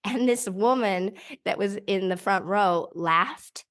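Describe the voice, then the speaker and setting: A woman's voice: medium pitch, slow pace. A middle-aged woman, a podcast host, chatting casually and acting out voices as she tells a story. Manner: animated storyteller, acts out voices with laughs. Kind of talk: casual chat.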